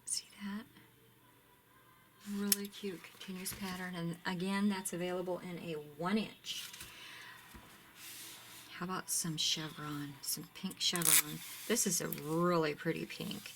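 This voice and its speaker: A woman's voice: lowish voice, flat delivery, unhurried, background noise. A woman casually showing off ribbons from her craft shop, chatty and gushing, often dropping to a near-whisper. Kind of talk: casual product show-and-tell.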